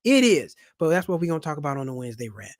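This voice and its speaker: A middle-aged man, hosting a casual money vlog in an animated, preachy way full of street slang. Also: a little high, rapid-fire, dry recording, clean studio sound. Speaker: channel host and comedian. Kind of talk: casual personal finance vlog.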